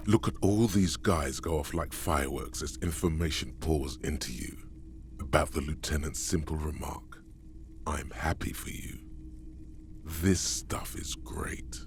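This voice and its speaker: Grave, deep-voiced game narrator. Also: male voice. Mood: solemn. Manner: slow, weighty, poetic delivery. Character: solemn older male game narrator, grave and knowing. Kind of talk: scripted dramatic narration.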